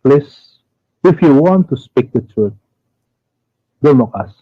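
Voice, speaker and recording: Hesitant caller on a dull line. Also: male voice, mid-range voice, lively intonation, slow pace, slightly rough, no room sound. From Indonesia. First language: Indonesian. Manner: hesitant, searches for English words. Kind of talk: phoned-in debate. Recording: dull dry phone-call audio.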